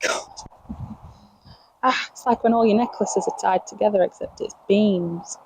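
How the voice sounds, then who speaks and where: A woman's voice: medium pitch, a little slow, creaky, darkish tone, a little hiss or hum, low-quality recording. A young woman from England chatting casually while planting on her allotment, talking to her plants and laughing at herself, recorded outdoors on a camera mic as she moves around. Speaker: allotment vlogger. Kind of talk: casual chat while gardening.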